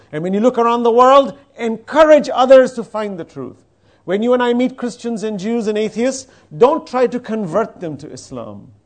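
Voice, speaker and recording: Guy preaching a religious talk, high animated voice, acts out conversations, chants verses fast. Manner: animated storytelling, quoting dialogue; chants Arabic verses quickly. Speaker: Islamic preacher. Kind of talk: religious lecture with recited verses.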